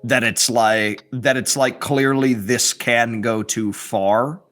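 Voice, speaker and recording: A man guesting on a casual film review podcast, speaking deliberately and searching for his words as he thinks aloud. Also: mid-range voice, steady tone, fairly bright tone, soft background music.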